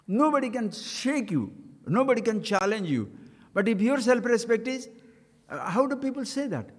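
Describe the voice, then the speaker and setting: A man's voice: very high-pitched, very animated, normal speed. A man with an Indian English accent giving a spiritual discourse, acting out quoted voices and chanting scripture. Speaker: spiritual teacher. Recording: long hall reverb.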